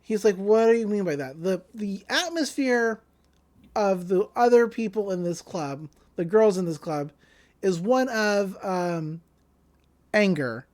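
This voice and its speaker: Woman, podcast co-host, casual episode recap, animated, acts out lines, laughs a lot. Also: mid-range voice, a little slow.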